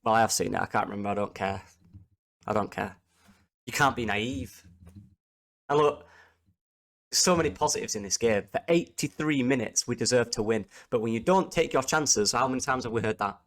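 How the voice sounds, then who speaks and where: A man's voice: medium pitch, normal speed, pauses often, a bit bright. A man, a football fan vlogging an angry post-match reaction, repeating himself in exasperation.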